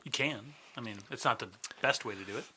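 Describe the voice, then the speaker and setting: A man's voice: medium pitch, quick pace, bright, forceful tone, breathy edge. A man in his forties, a comedian guest chatting casually on a podcast, profane and sarcastic. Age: 40s.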